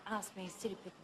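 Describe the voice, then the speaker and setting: An actress playing a naive, literal-minded woman from the country who takes everything at face value in a sitcom. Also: very high voice. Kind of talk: sitcom acting. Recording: old TV tape with loud hiss.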